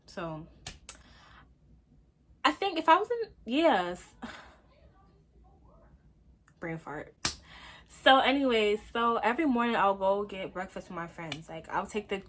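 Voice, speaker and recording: A young woman from Brooklyn, telling a casual storytime on her phone at home, slangy and animated, talking straight to her viewers. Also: medium pitch, takes it slowly, long pauses, slight background noise. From Brooklyn, New York. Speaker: vlogger.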